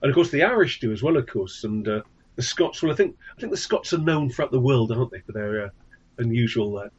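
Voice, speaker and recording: An English man talks as a guest, polite and keen, trailing off into "really". His voice is a touch husky and comes through a dull, muffled call line with muted highs. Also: lively intonation, fast. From England. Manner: polite, enthusiastic, says "really" often. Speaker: guest, tour guide and author. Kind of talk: casual interview chat.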